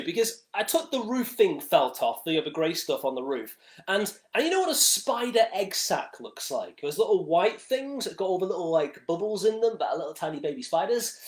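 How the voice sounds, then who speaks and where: Animated man telling a story. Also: high voice, echoey room. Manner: animated, exaggerated, dramatic storytelling. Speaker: livestream host. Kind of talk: casual storytelling monologue.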